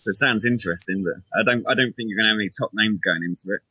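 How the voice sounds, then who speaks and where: A man's voice: lowish voice, very fast, bright, forceful tone, breathy edge, dry recording, low-quality recording. A man in casual chat as a podcast co-host, rambling and hesitant, often restarting his sentences, heard over an online call.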